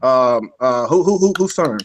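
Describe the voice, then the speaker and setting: A man's voice: medium pitch, animated, moderate pace. A man hosting a gaming podcast in casual chat, laid-back and slangy, swearing casually. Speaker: podcast host.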